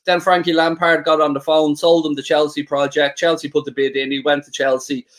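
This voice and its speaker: A man's voice: fairly high pitch, flat delivery, brisk, fairly bright tone. A man co-hosting a live football watchalong in a chatty, bantering way, reading out viewer comments. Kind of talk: live stream football chat.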